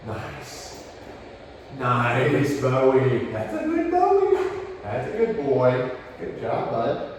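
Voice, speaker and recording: A fairly high-voiced man trains a dog indoors at home, explaining calmly as he goes and praising the dog now and then. His voice sits back from the mic and rings with a long, roomy echo. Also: distant mic, slight background noise. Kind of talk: live demonstration with commentary. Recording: echoey room, voice picked up from afar.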